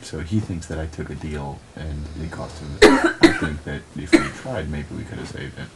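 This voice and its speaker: A man's voice: very deep voice, moderate pace. A man in a shared bedroom at night, telling rambling, profane stories in a casual late-night chat. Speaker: reality show houseguest. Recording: hissy live-feed audio.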